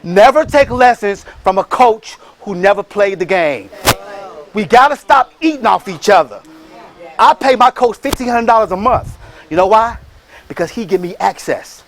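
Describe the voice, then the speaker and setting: A man giving a motivational talk, rallying the crowd with call-and-response and shouted bursts. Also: high-pitched, lively intonation, normal speed. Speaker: motivational speaker and franchise entrepreneur. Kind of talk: motivational speech.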